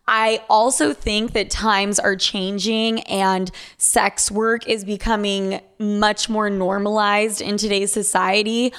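A woman's voice: mid-range voice, flat delivery, slow, few pauses, a bit bright, clear, resonant tone. A young woman hosts an advice podcast, reading out listener letters and answering them. She talks in a blunt, profane Valley girl way, upbeat and casual.

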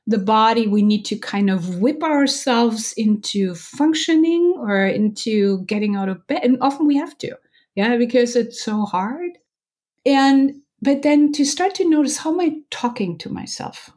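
A woman meditation teacher explaining as an interview guest, gentle and earnest, talking loosely with many "like" fillers and restarts. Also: fairly high pitch, expressive. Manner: gentle, earnest, acts out inner thoughts in quick asides.

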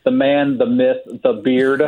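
A man's voice: mid-range voice, monotone, a little slow. A man on a podcast as a guest from a truck maker, telling stories in a drawling, hearty way. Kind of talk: casual podcast chat. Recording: tinny phone line.

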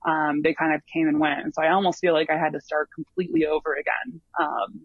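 Higher-voiced man, dull lo-fi sound. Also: flat delivery, quick pace, husky, dry recording. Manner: rambling, full of ums and restarts. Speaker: long-distance hiker guest. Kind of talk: casual interview storytelling.

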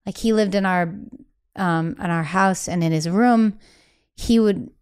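A woman in her thirties, a podcast guest talking candidly in a casual interview, often quoting family members in lively voices. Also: fairly low pitch, unhurried, clean tone.

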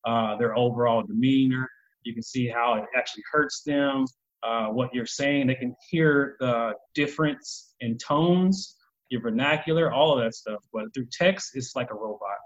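Blunt, raspy man on a dull line. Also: medium pitch, moderate pace. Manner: blunt, opinionated, swears. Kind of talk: casual podcast discussion. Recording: dull lo-fi sound.

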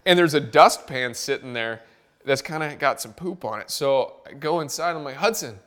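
A man's voice: mid-range voice, moderate pace. Laughing man telling a story. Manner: animated, laughs through his story. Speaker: podcast guest, golf caddie. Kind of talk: casual storytelling.

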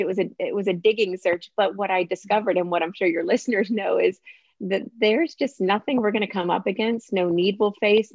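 Woman author chatting on a dull muffled line, gravelly low voice, laughs a lot. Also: no echo. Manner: warm storytelling, laughs often. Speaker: author guest. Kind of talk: casual conversational interview.

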